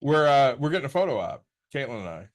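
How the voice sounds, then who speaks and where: A man's voice: mid-range voice, very animated, quick pace. 40-something guy co-hosting, keeps trying to tell his story, easygoing chat. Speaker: podcast co-host. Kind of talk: casual chat.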